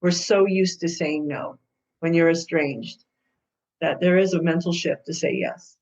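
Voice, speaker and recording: A woman guest who works as a co-parenting mediator tells stories in an interview, acting out the people in them with lively, hesitant speech. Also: lowish voice, a little slow. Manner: lively storyteller who acts out quoted people. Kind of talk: storytelling interview answers. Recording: dull lo-fi sound.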